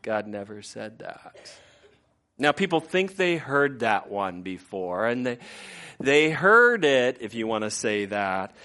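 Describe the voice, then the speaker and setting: A man's voice: mid-range voice, slow pace. A man in his fifties preaching a conversational sermon as pastor, often acting out what people say. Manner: conversational, animated, acts out quoted voices.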